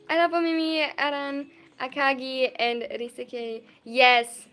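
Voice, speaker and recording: This is a high-pitched, youthful voice with a clear German accent, streaming from a home room. The talk is loose and bubbly, full of gushing thanks and little laughs while viewer messages are read aloud. Soft music plays faintly underneath. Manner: bubbly and effusive, quick to gush thanks and laugh. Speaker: livestreamer. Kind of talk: casual livestream chat, reading viewer messages aloud.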